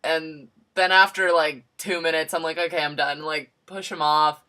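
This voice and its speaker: A woman's voice: deep voice, steady tone, normal speed, sharp tone. A young woman telling an embarrassing personal story in a candid, self-mocking way, acting out her own lines. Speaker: vlogger. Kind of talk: casual storytelling.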